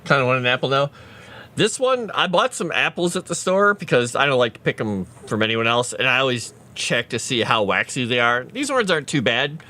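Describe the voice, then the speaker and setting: Chatty bright-voiced man streaming. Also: mid-range voice, sing-song, a little fast. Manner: rambling, chatty, reads chat aloud. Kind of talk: casual livestream chat.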